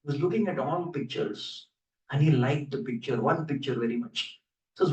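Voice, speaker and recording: A man's voice: mid-range voice, normal speed, a little mellow. A man giving a scripture class as a sermon, telling stories with playful, joking asides to his audience. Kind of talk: sermon storytelling. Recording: roomy hall, voice from a distance.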